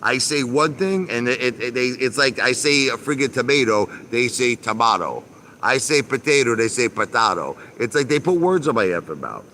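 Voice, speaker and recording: A man's voice: mid-range voice, expressive, moderate pace, bright, forceful tone, slight background noise. Emphatic man ranting on a live stream. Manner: repetitive, emphatic, mildly profane. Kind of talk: casual live-stream rant. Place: backyard by a pool.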